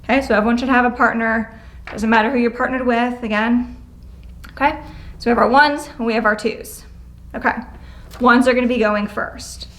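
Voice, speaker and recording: Brisk, upbeat woman teaching a class. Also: on the high side, steady tone, a bit bright. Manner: brisk, encouraging, gives clear step-by-step directions; acts out example phrases with changing tone. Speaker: prevention educator leading a class. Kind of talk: classroom instruction. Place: school classroom, indoors.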